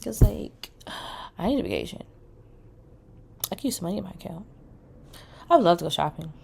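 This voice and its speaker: A woman in her thirties giving a casual comedic rant to camera, blunt and profane, jumping from loud outbursts to hushed asides and stretching words out for emphasis. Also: on the low side, expressive, fairly quick, creaky, breathy edge. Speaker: vlogger.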